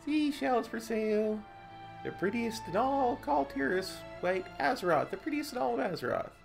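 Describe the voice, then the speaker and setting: A man doing a high, bored little girl. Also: lively intonation, moderate pace, vocal fry, soft background music, full character voice. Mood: wheedling.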